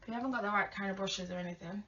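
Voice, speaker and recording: A woman chatting casually to viewers during a makeup tutorial, often dropping to soft murmurs. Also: mid-range voice, rapid-fire. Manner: chatty, talks to viewers while applying makeup, drops to murmurs. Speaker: makeup vlogger. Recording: distant lo-fi home recording with faint hiss.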